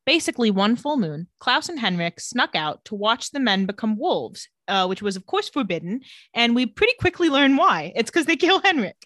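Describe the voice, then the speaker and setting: A woman co-hosting a casual chat, retelling a TV episode with quick put-on character voices and frequent laughs. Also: on the high side, sing-song, fairly bright tone, dry recording. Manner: storytelling recap, quick mock voices for characters, laughs often. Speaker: podcast co-host recapping a TV episode.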